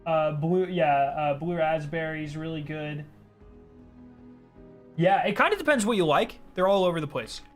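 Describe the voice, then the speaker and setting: Excitable high-voiced male streamer. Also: moderate pace, faint music behind. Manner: excitable, reads chat aloud and answers. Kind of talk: casual live-stream chat.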